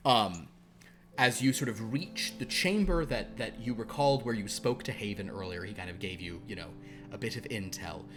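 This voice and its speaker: A man's voice: fairly low pitch, normal speed, music in the background. A man narrating as game master of a tabletop horror game, loose and rambling with many fillers.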